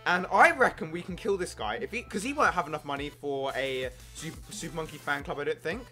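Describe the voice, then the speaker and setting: An excitable young man giving casual gameplay commentary, jumping into yelps when things go wrong. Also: on the high side, a little fast, faint music behind. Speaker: gaming YouTuber.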